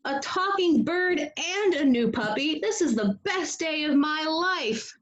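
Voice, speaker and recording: A woman's voice: high-pitched, animated, slow pace, a bit bright, muffled recording, pitched above the performer's own voice, exaggerated voice. A woman voicing an eager young boy in a storybook read-aloud, exclaiming as she goes. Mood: excited. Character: cheerful young boy, excitable then flustered.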